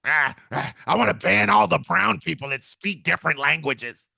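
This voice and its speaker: Smug drawling bigot, as a man mocks him, gravelly, dry close sound. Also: a little high, lively intonation, moderate pace, sharp tone, dry recording, full character voice. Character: smug bigoted male political type.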